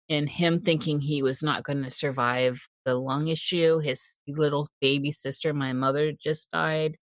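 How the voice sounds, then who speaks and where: Radio host agreeing and sharing. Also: male voice, a little high, a bit bright, no room sound. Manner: agreeable, quick to laugh along. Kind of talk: casual radio talk.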